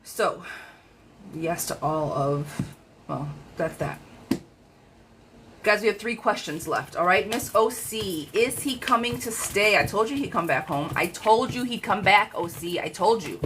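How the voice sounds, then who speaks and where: A woman giving a live-streamed tarot reading in a chatty, frank, lively way, talking straight to her viewers. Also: mid-range voice, a little slow, background noise. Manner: chatty, animated, frank, calls viewers girlfriend. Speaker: tarot reader.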